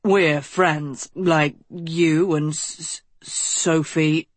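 A brash young prince stammers and snarls in a slightly lowered voice, as a woman reads him in a storybook. The reading is slow and dry. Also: steady tone, no room sound, heavily acted. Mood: flustered. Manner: snarling, stammering when flustered.

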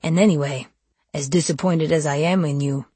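A woman reading an audiobook, voicing a cold, seductive male undead vampire who speaks low and taunting. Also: fairly even intonation, moderate pace, dark tone, slightly rough, dry recording. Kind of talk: audiobook character voice.

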